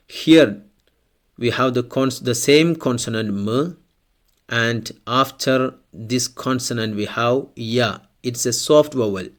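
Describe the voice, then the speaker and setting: A man with a mid-pitched voice teaches a language lesson at an unhurried pace. He explains step by step and says each example word twice for the learner. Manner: slow, deliberate, repeats example words twice.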